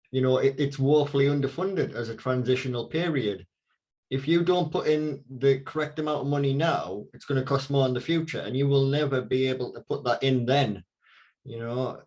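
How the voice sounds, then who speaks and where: A man's voice: medium pitch, a little mellow. Councillor guy, earnest, pushing his point hard. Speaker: councillor, panel guest. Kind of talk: political panel discussion.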